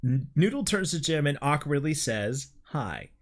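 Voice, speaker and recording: Young man, podcast host, reads stage directions, amused, animated. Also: on the high side, normal speed. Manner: lively, amused, self-mocking. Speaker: podcast host reading his script. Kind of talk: reading stage directions aloud.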